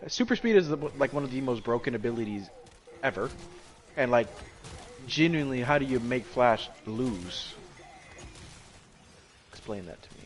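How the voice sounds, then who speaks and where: A man's voice: mid-range voice, animated, normal speed, long pauses. A young man chatting casually while gaming, arguing his opinions with casual slang.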